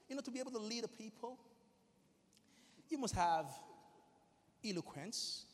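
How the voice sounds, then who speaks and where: High-pitched man preaching, reverby hall, goes from hushed prayer to loud stammering bits. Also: animated, moderate pace, pauses often. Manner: mimics stammering, prays in tongues. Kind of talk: sermon.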